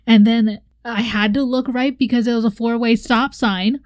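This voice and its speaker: A woman's voice: a little high, fairly even intonation, brisk, few pauses, dry recording. A young woman co-hosting a casual chat, telling a story animatedly and acting out her own reactions with laughs. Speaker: podcast co-host.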